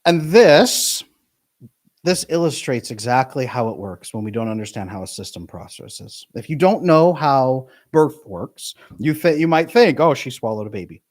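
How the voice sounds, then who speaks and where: A middle-aged man, a relationship coach, talking to his live stream audience with emphatic, jumpy pitch on key words. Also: big pitch swings, unhurried, darkish tone. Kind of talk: live stream talk to chat.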